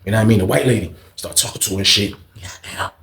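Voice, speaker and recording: A man telling a prison story in casual, animated slang full of swearing. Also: fairly low pitch, quick pace, gravelly, roomy sound, slight background noise.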